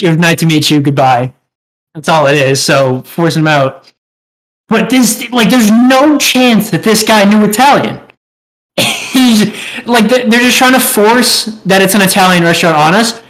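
A man's voice: high voice, fairly bright tone, poor audio. A young man co-hosting a podcast, telling a rambling, profane story in casual chat and laughing as he goes. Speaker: podcast co-host.

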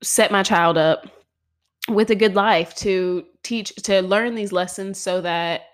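A woman's voice: medium pitch, slow pace. A young woman hosting a podcast, talking casually in a chatty, exasperated way with lots of filler words. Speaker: podcast host. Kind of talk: casual solo podcast monologue.

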